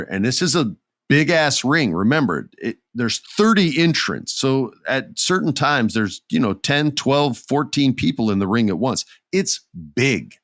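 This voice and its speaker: Middle-aged male podcast host, low and very expressive voice, dry close sound, storytelling chat. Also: no echo. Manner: animated storytelling with character voices. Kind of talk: casual wrestling commentary.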